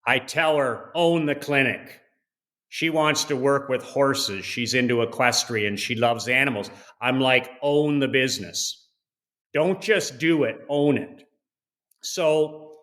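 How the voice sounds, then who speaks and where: A man's voice: medium pitch, pushed and bright. A man in his forties, a podcast guest telling motivational stories in a blunt, emphatic way, swearing freely. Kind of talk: motivational storytelling.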